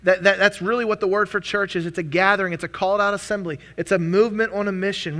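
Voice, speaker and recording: A young man delivers a sermon, his voice pitched high and ringing bright. He preaches earnestly but conversationally, stumbling and restarting phrases as he goes. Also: steady tone, fast talker, few pauses. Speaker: pastor.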